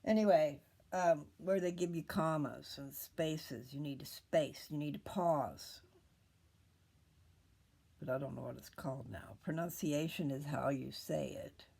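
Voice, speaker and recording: Older lady reading scripture real slow, gravelly, keeps losing her thought, goes whispery. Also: low-pitched, warm tone. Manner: rambling, pauses often, loses her train of thought; drifts into whispers. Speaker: video host reading scripture. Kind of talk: casual scripture talk.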